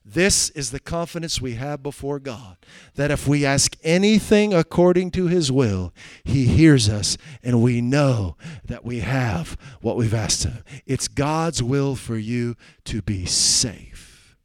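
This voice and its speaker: A man preaching a sermon, swinging between loud, urgent exhortation and quiet asides, drawing out quoted scripture slowly for emphasis. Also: medium pitch, lively intonation, no echo.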